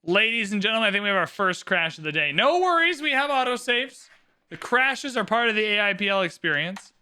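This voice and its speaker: Excitable high-voiced man streaming a game. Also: quick pace, clean tone. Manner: excitable, theatrical, swings between shouting and mumbling. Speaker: livestream host commentating an AI game tournament. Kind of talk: live game commentary.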